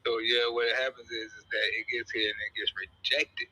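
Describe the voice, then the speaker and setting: A man's voice: medium pitch, little pitch movement, fairly quick, sharp tone, husky, low-quality recording. A man in a casual chat who agrees and chimes in briefly.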